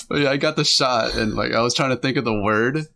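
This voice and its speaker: A man co-hosting a podcast in casual chat, telling stories in an animated way. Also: medium pitch, gravelly, slight background noise. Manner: animated, quick storytelling. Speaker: podcast co-host.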